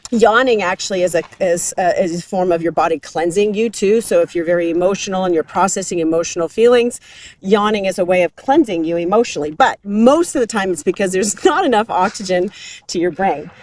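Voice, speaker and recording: A woman's voice: medium pitch, fairly quick, darkish tone, slight background noise. A woman hosting a casual health talk while out on a hike, explaining things in an upbeat way. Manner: explanatory, upbeat, laughs easily. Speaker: host. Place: outdoors on a hike.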